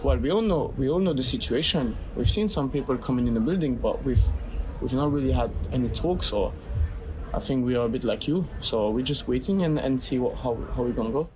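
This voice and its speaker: A man's voice: mid-range voice, animated, brisk, music in the background, rough recording. A man speaking English as a second language, a professional footballer giving a hesitant post-match interview. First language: not English. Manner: hesitant, restarts sentences.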